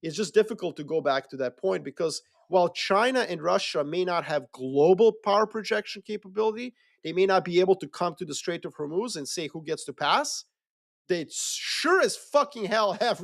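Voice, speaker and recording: A man talking politics in a loose, animated way, swearing freely and acting out quick mocking voices. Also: sits high, creaky. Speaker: podcast co-host. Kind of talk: casual geopolitical discussion.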